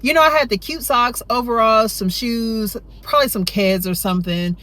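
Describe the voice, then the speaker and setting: Woman rambling through a storytime, kinda high voice, goes up loud when she acts out being a kid. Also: normal speed. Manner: chatty, rambling, full of "you know" and "right?"; jumps high and loud when acting out her younger self. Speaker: storytime vlogger. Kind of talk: casual storytime chat.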